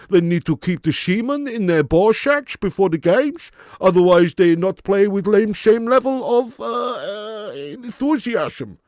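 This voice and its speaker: A man voicing a stern foreign male football manager with broken English, who lectures in a halting, hesitant way. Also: fairly high pitch, a little mellow, dry recording, clean studio sound, pitched above the performer's own voice.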